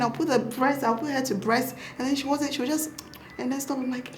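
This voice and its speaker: Animated Ghanaian woman, doctor telling a story. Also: on the high side, brisk, slight background noise. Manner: animated, laughing, acts out her own past words. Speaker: doctor and mother telling her birth story. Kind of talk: casual interview storytelling.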